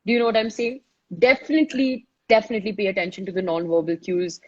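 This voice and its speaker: A woman's voice: mid-range voice, fast talker, a little mellow, lo-fi sound. A woman giving chatty, casual advice in a live online session, often saying "you know" and talking it through. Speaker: speaker giving advice on listening.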